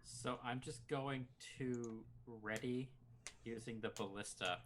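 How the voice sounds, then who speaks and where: A man playing a tabletop game, deliberately planning his moves aloud. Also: medium pitch, fairly bright tone, slight background noise. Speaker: player. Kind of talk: casual tabletop play.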